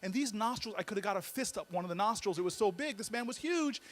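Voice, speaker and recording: A man giving a humorous storytelling speech as a guest speaker, animated and full of comic timing, often repeating words as he builds up. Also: high voice, fast.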